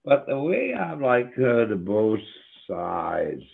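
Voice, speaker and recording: A man's voice: mid-range voice, sing-song, takes it slowly, vocal fry, breathy edge. An older man, a guest musician, telling rambling stories with a lot of swearing over a tinny, phone-like connection. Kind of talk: casual interview chat. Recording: tinny phone-like remote audio.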